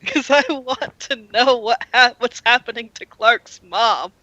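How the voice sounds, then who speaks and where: A woman's voice: on the high side, measured pace, bright, forceful tone, no room sound, lo-fi sound. A woman player joking playfully with the others at a tabletop game. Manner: playful, jokey. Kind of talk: casual tabletop chat.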